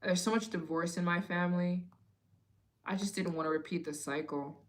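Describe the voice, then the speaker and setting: A young woman in her late twenties hosts a live Q&A stream, chatting casually. Her voice sits a little low for a woman. She tells her stories in a loose, expressive way. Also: normal speed. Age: 20s. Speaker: travel vlogger hosting a live Q&A.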